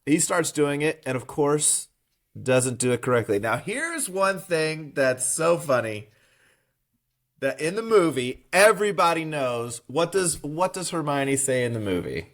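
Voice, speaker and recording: Animated man reading quotes aloud. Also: fairly high pitch, takes it slowly. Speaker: podcast co-host. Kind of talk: casual book discussion podcast.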